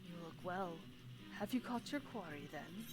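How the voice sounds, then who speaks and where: Woman voicing a male hunter, put-on Russian accent, formal old-fashioned speech, lowish voice, faint game music behind. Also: moderate pace, natural voice. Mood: grave, grateful. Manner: formal, archaic phrasing.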